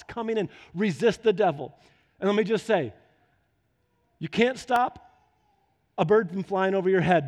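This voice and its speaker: A man's voice: high-pitched, a little mellow. A man preaching a sermon, telling a homely story and then urging his listeners on with fervent exhortation. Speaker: pastor. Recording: long hall reverb.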